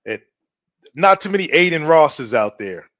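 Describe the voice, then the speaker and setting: Guy ranting on his show, bit of a higher voice, cocky and loose, dry muffled home mic. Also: sing-song, a little slow, fairly bright tone, no room sound. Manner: loose, swaggering, talks straight to the listeners. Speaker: podcast host. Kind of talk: casual opinion talk.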